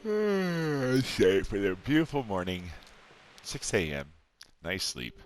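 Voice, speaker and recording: Middle-aged let's play host, unhurried, animated pitch, self-amused chatter to viewers. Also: male voice, faint music behind. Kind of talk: casual gameplay commentary.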